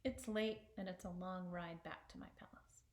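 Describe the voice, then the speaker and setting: A woman's voice: lowish voice, fairly even intonation, moderate pace, a little mellow, reverberant, natural voice. A woman doing a greedy, demanding king.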